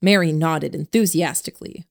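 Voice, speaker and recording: A woman reading a novel aloud as narrator in a steady first-person storytelling voice. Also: low voice, normal speed, creaky, no room sound, clean studio sound. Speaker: audiobook narrator. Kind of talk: scripted narration.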